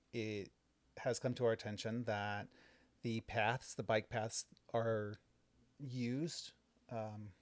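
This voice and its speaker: A young adult man co-hosting a casual home podcast, explaining village board business in a relaxed way with frequent ums and restarts. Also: mid-range voice, dry recording. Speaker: village trustee and podcast co-host. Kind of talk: casual podcast chat recapping a board meeting.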